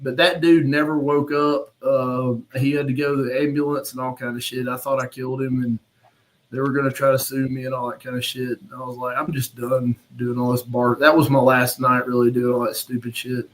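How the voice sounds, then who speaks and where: A man's voice: mid-range voice, little pitch movement, brisk, poor audio. Profane man telling a bar story. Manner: profane, blunt, laughs at his own story. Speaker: podcast host. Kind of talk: casual storytelling on a live stream.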